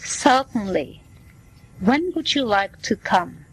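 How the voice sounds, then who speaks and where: A woman's voice: mid-range voice, sing-song, a little hiss or hum, low-quality recording. A woman reading as a polite clinic receptionist. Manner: slow, plain reading voice. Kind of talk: scripted dialogue for learners.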